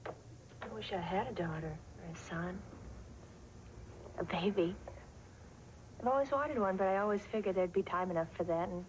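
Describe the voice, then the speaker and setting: An actress playing a single woman who talks quietly and wistfully. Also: on the low side, a little hiss or hum, close to an everyday voice, poor audio.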